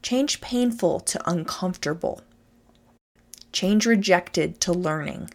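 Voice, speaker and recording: Emphatic woman giving a motivational talk. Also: mid-range voice. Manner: emphatic, animated, addresses listeners directly. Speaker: motivational speaker.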